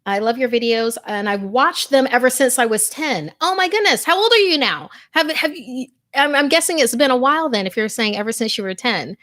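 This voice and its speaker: A woman's voice: a little high, lively intonation, brisk, few pauses, a bit bright. Bubbly woman chatting on a live stream. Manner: bubbly, gushing, chatty with frequent fillers. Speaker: host. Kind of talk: casual live-stream chat.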